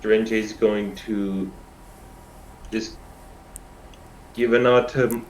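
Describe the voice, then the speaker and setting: Slow-talking guy with a lowish voice, tabletop player, roomy echo and faint hiss. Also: steady tone. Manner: slow, hesitant, thinking aloud. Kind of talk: describing character actions in a tabletop game.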